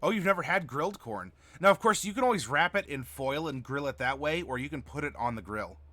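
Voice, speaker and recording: A man's voice: a little high, animated, brisk, sharp tone, no room sound. A man hosting a livestream as game master, chatting casually and reading viewer messages aloud. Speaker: game master and stream host.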